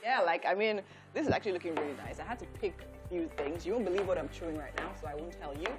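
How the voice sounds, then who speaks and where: A woman with a Nigerian English accent presenting on a morning show, quick and joking. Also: lowish voice, over music. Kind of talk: casual studio chat.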